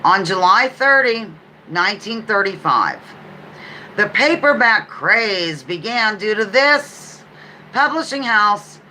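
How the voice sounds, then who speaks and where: A woman's voice: mid-range voice, sing-song, slow pace, pushed and bright, a little hiss or hum, poor audio. A woman hosting a casual live-stream trivia game, reading out questions and answers with playful asides. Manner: chatty, playful asides, reads questions aloud. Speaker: livestream trivia host.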